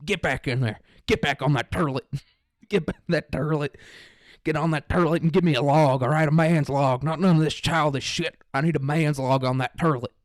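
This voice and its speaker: A man voicing a harsh father barking orders at a toddler in a gruff voice. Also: on the high side, fairly even intonation, moderate pace, no echo, clean studio sound, pitched above the performer's own voice, natural voice. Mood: angry. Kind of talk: comic impression in a podcast monologue.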